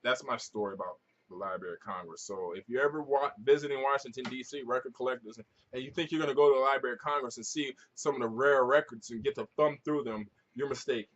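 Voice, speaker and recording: A man, a record-collecting vlogger, telling stories to camera at home in an animated, profane way with frequent restarts. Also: mid-range voice, fast, few pauses, lo-fi sound. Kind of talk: casual storytelling to camera.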